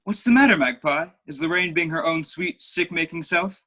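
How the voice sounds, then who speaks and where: A man's voice: a little high, moderate pace, sharp tone. A young man playing a flamboyant, vain playwright in a school play over a video call, with florid, theatrical delivery. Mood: gossipy. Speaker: student actor.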